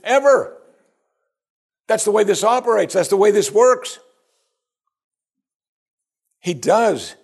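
A man's voice: sits high, vocal fry, slightly rough. A man preaching a sermon as pastor, talking straight to his listeners with rhetorical questions. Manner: animated, rhetorical questions to the congregation.

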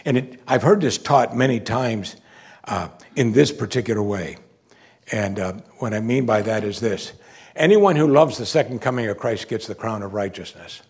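A man preaching a sermon, moving between quiet, reflective asides and loud, emphatic declarations. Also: fairly low pitch, normal speed, breathy edge. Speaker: pastor.

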